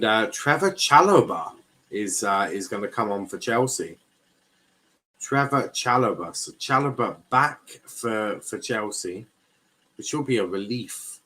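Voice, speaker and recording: A man's voice: on the low side, sharp tone, poor audio. A young man from England doing a casual live football watchalong, bantering with chat in mock outrage and often restarting his sentences. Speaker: watchalong streamer.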